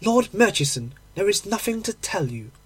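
A secretive young lady of society, cool and guarded, read by a male narrator. The voice is husky and breathy and a little raised. It is hardly set apart from the narration. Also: high-pitched, big pitch swings, normal speed, voice pushed up, heavily acted.

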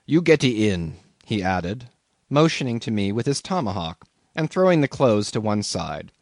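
A man reading a classic novel aloud as an audiobook narrator, in an expressive storytelling manner. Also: lowish voice, moderate pace, no echo, studio quality.

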